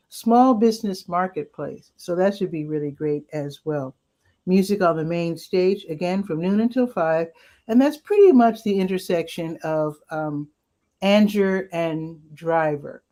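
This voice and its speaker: A woman's voice: lowish voice, dark tone. A woman hosting a casual rundown of local weekend events, chatty and upbeat with asides, her voice cracking now and then. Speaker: community events host.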